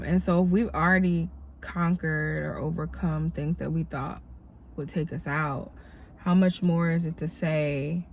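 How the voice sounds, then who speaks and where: A woman's voice: low voice, gravelly, a little mellow, a little hiss or hum. A tired, congested woman who sounds a little nasal, hosting a casual devotional vlog with a reflective, encouraging manner. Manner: reflective, encouraging, many fillers. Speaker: dancer and vlogger.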